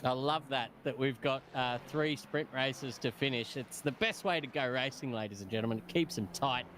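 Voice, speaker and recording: A man commentating a live sim race in an excitable, chatty way, often laughing between calls. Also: mid-range voice, moderate pace, a little hiss or hum.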